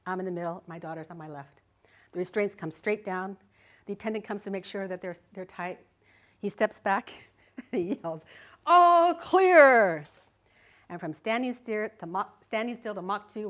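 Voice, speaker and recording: A woman's voice: medium pitch, fairly even intonation, normal speed. A middle-aged woman giving a live talk, telling a personal story vividly and expressively, often laughing. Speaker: speaker. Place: live speaking event.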